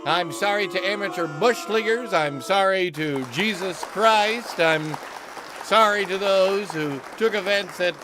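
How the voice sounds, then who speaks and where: A man's voice: high voice, measured pace, a crowd in the background, background noise. A man playing a sleepy, pompous mustached character who rambles and keeps apologizing in a live comedy bit.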